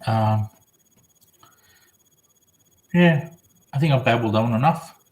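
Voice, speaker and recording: Reading viewers' comments aloud on a live stream, an Australian man rambles chattily from one idea to the next. His mid-pitched voice is a little mellow and unhurried, and the room echoes around him.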